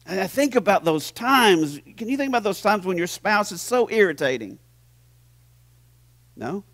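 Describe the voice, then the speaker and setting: A man preaching a sermon as pastor in a church, animated and teasing his congregation, swinging from hushed to loud. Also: high voice, moderate pace, no echo. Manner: playful, teases the audience.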